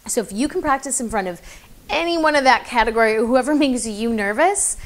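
Young woman giving speaking tips, slightly high voice, chatty and encouraging, lots of likes. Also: lively intonation, fairly quick. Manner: chatty, encouraging, many fillers. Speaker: public speaking coach. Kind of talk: casual advice video to camera.

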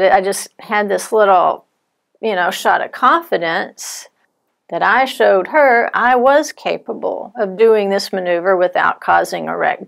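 A middle-aged woman teaches in an earnest, measured way, her voice sitting at an ordinary pitch with a gravelly, fry-edged texture. She tells stories as she goes, and her speech stays calm and deliberate. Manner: earnest, measured, softens for quoted fears. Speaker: Bible teacher.

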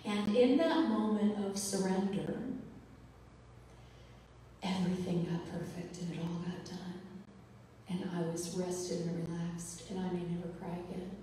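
A woman's voice: lowish voice, measured pace, a little mellow. A woman minister giving an earnest, confessional sermon and repeating phrases for emphasis. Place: church sanctuary. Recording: echoey hall, heard from far off.

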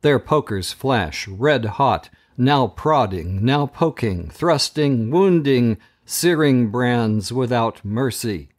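Slow, measured male storybook reader. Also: medium pitch, expressive. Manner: slow, measured and dramatic, with raised voices for quoted shouts. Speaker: podcast host reading a book aloud. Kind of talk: dramatic storybook reading.

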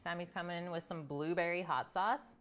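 A woman's voice: fairly low pitch, steady tone, fairly quick, faint music behind. A woman hosting a live cooking stream, chatting casually and reading out viewer comments as she tastes food at home. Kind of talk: casual chat while eating.

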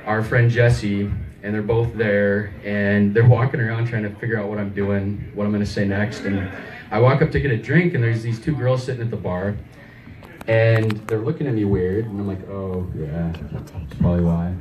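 A man's voice: lowish voice, steady tone, normal speed, lo-fi sound, a crowd in the background. A man doing a rambling, self-deprecating open mic stand-up set in a small comedy club, chuckling as he goes. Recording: echoey club, mic far off.

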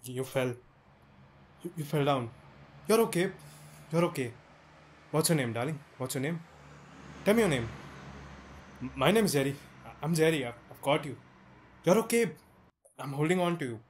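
A young man acting a shaken man in a student stage drama, telling his story in a tense, halting way. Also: a little high, lively intonation, a little hiss or hum, lightly acted. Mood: panicked. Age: young adult.

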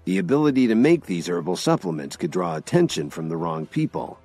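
A man voicing a serious middle-aged gang leader who speaks slowly and ominously. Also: sits low, very animated, warm tone, no room sound, soft background music, full character voice. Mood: grave. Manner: slow, grave, ominous.

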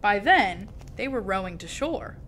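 A woman reading a children's story aloud with expressive, lively storytelling. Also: mid-range voice, unhurried, slight background noise. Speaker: storybook reader.

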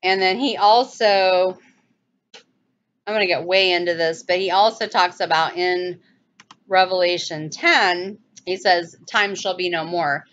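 A woman giving a casual, animated bible teaching, rambling with restarts and sudden exclamations. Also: fairly low pitch, measured pace, muffled recording.

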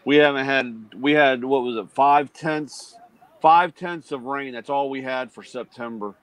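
A laid-back man in casual conversation who laughs often. His voice sits at an ordinary pitch, and the recording is dry, with no room echo. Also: a little slow. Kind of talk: casual chat.

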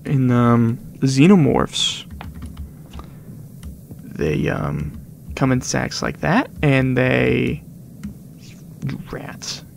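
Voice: mid-range voice, expressive, drawn-out words, vocal fry, long pauses, slight background noise. A gaming video creator giving rambling, casual commentary over gameplay, with muttered asides that drop to whispers.

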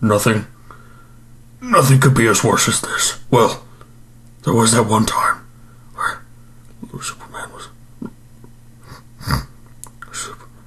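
A man's voice: mid-range voice, slow, long pauses, a bit bright. A man playing an overstuffed, self-pitying male supervillain in an improvised comedy monologue, groaning and rambling about his regrets.

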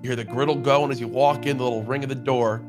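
A man's voice: medium pitch, fairly even intonation, music in the background. A young man gamer telling a playful, vivid story during a game session, joking as he sets the scene. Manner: slow, vivid scene-painting with jokes.

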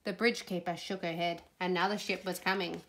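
A woman reading a children's storybook aloud in an expressive, playful way. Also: lowish voice, a little fast. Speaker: storybook reader.

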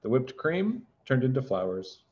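A man reading a picture book aloud to children, gently explaining words as he goes. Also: medium pitch, big pitch swings, normal speed, highs cut off. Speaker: teacher reading a storybook aloud.

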